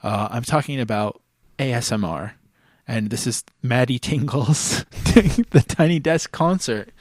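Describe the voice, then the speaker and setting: A man's voice: mid-range voice, animated, measured pace, no room sound, studio quality. A man hosting a podcast in casual chat, wry and amused. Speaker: podcast host.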